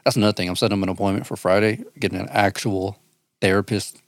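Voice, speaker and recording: In a casual podcast chat, a thirty-something male co-host talks profanely, with laughter and frequent restarts. He speaks fast in a lowish voice with a steady tone, and the recording is dry.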